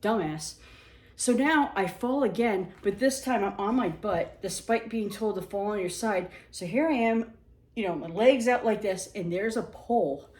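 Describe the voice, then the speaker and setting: Animated self-mocking woman storyteller. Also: mid-range voice, moderate pace, recorded from a distance. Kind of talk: casual storytelling. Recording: echoey room.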